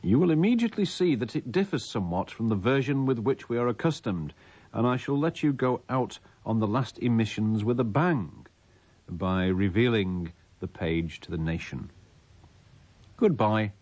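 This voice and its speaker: A man's voice: on the low side, animated, normal speed, a little mellow. A man, a radio host reading a listener's letter aloud in a mock-solemn, theatrical way.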